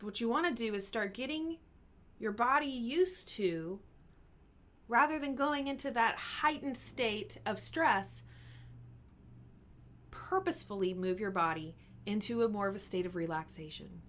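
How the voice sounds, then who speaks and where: A woman health coach answering questions in a live Q&A. She talks in an earnest, encouraging way, explains things step by step, and sometimes slows down and softens her voice to show calm speaking. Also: on the high side. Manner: sometimes drops to a slow, soft voice to model calm speaking. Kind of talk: live Q&A advice talk.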